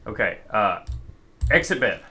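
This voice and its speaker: A man giving casual, deadpan, sarcastic let's-play commentary as a gaming video host. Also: fairly low pitch. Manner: slow, deadpan, sarcastic remarks.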